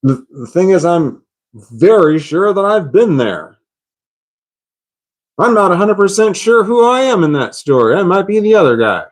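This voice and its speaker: A man's voice: high-pitched, sing-song, moderate pace, pauses often. A man telling a story in casual talk, rambling, repeating himself and swearing. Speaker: vlogger.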